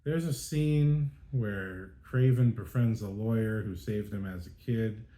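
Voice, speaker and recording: Exasperated man with a mellow voice. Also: fairly low pitch, unhurried. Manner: exasperated, ranting, lots of fillers and restarts. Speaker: podcast host. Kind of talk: casual spoken movie review.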